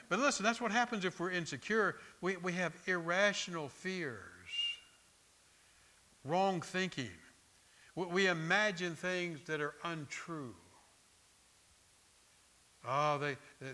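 A middle-aged pastor, preaching in a conversational, storytelling way and often repeating words. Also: male voice, high voice, sharp tone. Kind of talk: sermon.

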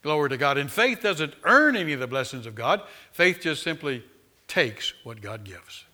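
A man preaching a sermon as pastor, swinging from loud exhortation to quiet, close talk, with frequent amens and hallelujahs. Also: fairly high pitch, very animated, moderate pace.

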